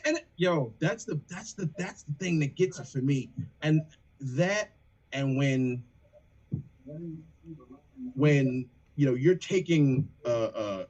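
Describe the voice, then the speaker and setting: Husky animated man talking rap. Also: on the high side, measured pace, long pauses, rough recording. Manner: animated, profane, quotes lyrics excitedly. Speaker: rapper in a band. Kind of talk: casual chat on a livestream.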